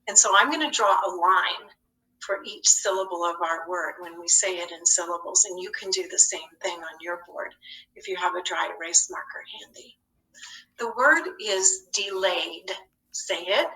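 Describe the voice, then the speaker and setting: A woman teaching a phonics lesson, speaking slowly and spelling out words letter by letter. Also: mid-range voice, bright, forceful tone, recorded from a distance, a little hiss or hum. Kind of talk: slow, deliberate phonics lesson. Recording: echoey room, voice a bit off-mic.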